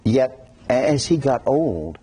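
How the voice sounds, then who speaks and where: A man preaching a sermon as a pastor, talking in a conversational, animated way and often breaking into laughter. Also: medium pitch, slow, a little hiss or hum.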